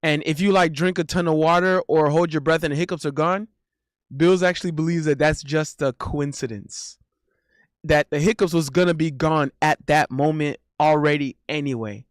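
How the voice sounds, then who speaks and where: A man chats casually on a live stream, reading messages and joking as he goes. His voice sits a bit high and comes through smooth and crisp. The sound is dry and close to the mic. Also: steady tone, moderate pace, no room sound. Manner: loose and joking, laughs often, repeats himself.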